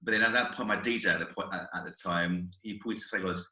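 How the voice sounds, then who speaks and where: Fast-talking bright-voiced man. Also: low-pitched. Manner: animated storyteller, laughs often. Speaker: podcast host and orchestra leader. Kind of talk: casual podcast chat. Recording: echoey room.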